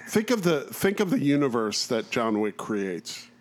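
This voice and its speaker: A man's voice: medium pitch, big pitch swings, unhurried. A man co-hosting a casual podcast, blunt and swearing, often restarting his sentences. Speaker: podcast co-host. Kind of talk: casual chat.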